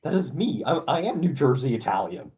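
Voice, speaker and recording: Philly guy co-hosting a stream, kinda husky, deadpan, voice jumps around a lot. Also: mid-range voice, brisk. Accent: Philadelphia. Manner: deadpan, playfully confused. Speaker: co-host. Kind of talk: casual livestream banter.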